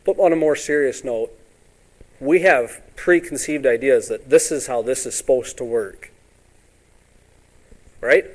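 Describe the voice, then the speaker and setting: A man preaching a sermon in a folksy way, often asking "all right?" and acting out Bible scenes in quick voices. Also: mid-range voice. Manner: ends points with "all right?".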